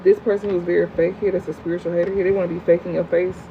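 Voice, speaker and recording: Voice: mid-range voice, little pitch movement, rapid-fire. Blunt, slangy tarot reader on thin audio. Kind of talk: livestream tarot reading, answering chat. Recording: phone-like audio with faint hum.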